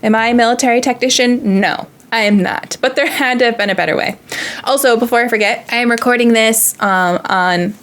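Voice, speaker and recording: A woman's voice: fairly high pitch, a little fast, fairly bright tone. A woman hosting a reaction video, talking casually in an earnest, emotional way and thinking aloud.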